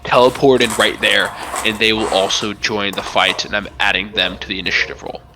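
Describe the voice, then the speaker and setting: A man's voice: lowish voice, little pitch movement, a little fast, over music. A young man running a tabletop game as game master, narrating in a casual, rambling way and swearing freely.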